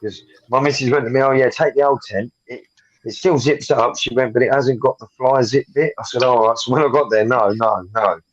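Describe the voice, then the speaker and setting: A man with a Southern English accent from Kent, rambling excitedly and tripping over his words in casual chat. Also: medium pitch, a little fast, highs cut off. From Kent, England. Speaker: gamer chatting with friends.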